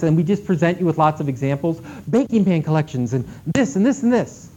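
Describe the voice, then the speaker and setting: A man giving an animated conference talk to librarians, emphatic and swinging between loud and hushed delivery. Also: fairly high pitch, quick pace. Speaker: keynote speaker at a library conference. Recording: dull lo-fi recording with faint noise.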